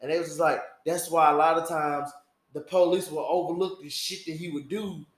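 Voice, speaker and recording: A man's voice: fairly high pitch, steady tone, a little fast. A man co-hosting a casual podcast chat, rambling with lots of filler words. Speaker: podcast co-host. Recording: echoey room.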